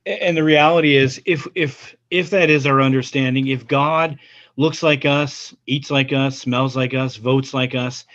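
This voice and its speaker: A male pastor hosting a casual interview, encouraging and quick to laugh. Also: mid-range voice, fairly even intonation, fairly bright tone, dull audio. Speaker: pastor and host.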